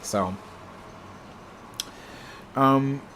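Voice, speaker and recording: Young man, stream host, mid-pitched, lively storyteller, casual chat. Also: extremely slow, a little hiss or hum. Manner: animated anecdote telling.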